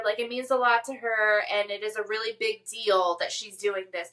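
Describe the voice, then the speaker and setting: A young adult woman co-hosting a podcast in casual chat, with a deadpan, stern-sounding delivery. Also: fairly high pitch, moderate pace, few pauses. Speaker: podcast co-host.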